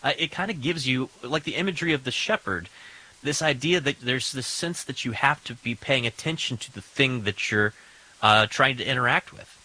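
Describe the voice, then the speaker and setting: A man hosting a casual conversation, relaxed, with fillers, asking his guest questions. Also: medium pitch, moderate pace, poor audio. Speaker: host.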